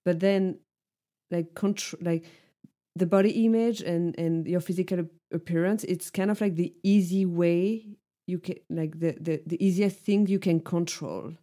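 A woman's voice: fairly low pitch, steady tone, a little slow, dark tone. A woman co-hosting a podcast, speaking earnestly in casual chat and filling her sentences with "like". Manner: frequent "like" fillers, earnest. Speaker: podcast co-host.

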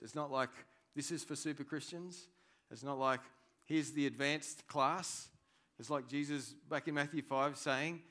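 A man preaching a sermon, animated and conversational, swinging between loud emphasis and quiet asides. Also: medium pitch, a little slow, pauses often. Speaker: pastor.

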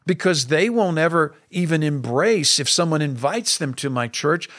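A man's voice: fairly high pitch, animated, normal speed, hardly any pauses, fairly bright tone, dry recording, studio quality. A middle-aged man, a pastor, speaking earnestly and emphatically to fellow pastors in a preacher's cadence. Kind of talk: podcast talk to fellow pastors.

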